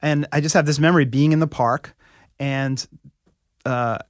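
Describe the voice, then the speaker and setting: A man's voice: a little high, moderate pace, dry recording, studio quality. Joking New York man, around sixty. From New York City. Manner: joking, animated storyteller. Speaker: guest. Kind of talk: casual chat.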